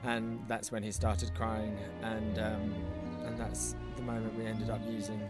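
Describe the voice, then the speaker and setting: A man's voice: fairly low pitch, completely flat delivery, unhurried, over loud music. A man, a film director, talking reflectively through an audio commentary with some restarts. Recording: commentary over film soundtrack.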